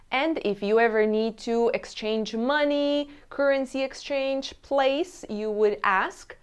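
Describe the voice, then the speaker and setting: A woman teaching a language lesson, saying each travel phrase slowly and clearly and repeating it. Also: fairly high pitch. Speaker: Spanish teacher.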